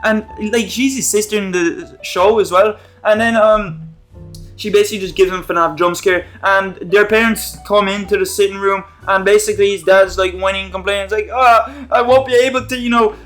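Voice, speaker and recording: High-voiced man, rambling commentary. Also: fairly even intonation, moderate pace, fairly bright tone, faint music behind. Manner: rambling, profane and jokey. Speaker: YouTube commentator. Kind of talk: casual TV episode commentary.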